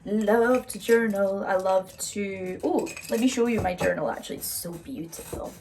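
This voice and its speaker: Young woman, gravelly fry, mid pitch, chatty and rambling, casual makeup vlog. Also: moderate pace, darkish tone, a little hiss or hum. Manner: chatty and open, rambling with fillers. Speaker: vlogger. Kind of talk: casual get-ready-with-me chat. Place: indoors at home, doing makeup.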